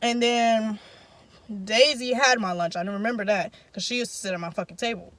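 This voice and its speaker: A woman's voice: a little high, a little fast, fairly bright tone, no echo. A young woman in casual storytime, telling a story with emphatic, profanity-heavy slang. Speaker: vlogger.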